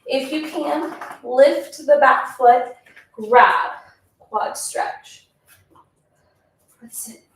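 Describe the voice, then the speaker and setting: Slow-cueing woman in an echoey room. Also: high-pitched, a little hiss or hum. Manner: encouraging counting cues. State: out of breath. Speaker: pilates instructor. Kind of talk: workout instruction. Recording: echoey room, mic at a distance.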